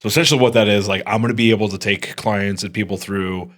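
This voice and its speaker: A man's voice: fairly low pitch, fairly even intonation, fast talker. A man co-hosting a podcast who works as a fitness coach, talking in easygoing, joking casual chat.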